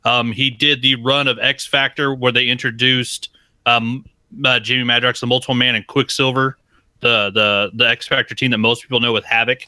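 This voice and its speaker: A man's voice: medium pitch, flat delivery, moderate pace, pushed and bright, no echo. A man co-hosting a casual podcast chat, joking bluntly and crudely. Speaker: podcast co-host.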